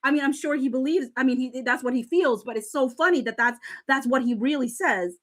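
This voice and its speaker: A woman with a high voice hosts a casual live stream. She reads text messages aloud and reacts to them, laughing and getting teary as she goes. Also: a little fast, few pauses, fairly bright tone. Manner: emotional, laughing and near tears while reading. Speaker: livestream commentator. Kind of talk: casual live commentary reading texts aloud.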